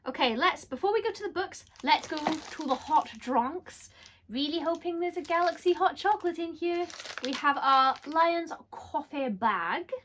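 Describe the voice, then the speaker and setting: A woman's voice: extremely high pitch, normal speed, a bit bright, slight background noise. A young woman chatting casually through a book box unboxing. She rambles, apologises often and jokes at her own expense. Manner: chatty, apologetic, self-deprecating. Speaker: book vlogger.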